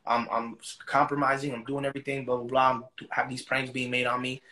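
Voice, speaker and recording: A man's voice: medium pitch, completely flat delivery, brisk, bright, forceful tone. A man as an interview guest, retelling a story in casual, profane slang.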